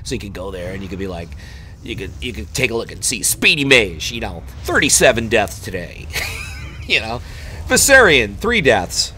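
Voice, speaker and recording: A man's voice: lowish voice, sing-song, normal speed, sharp tone, slight background noise. Joking man doing game commentary. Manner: joking, taunting. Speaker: gameplay commentator. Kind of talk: recorded voiceover commentary.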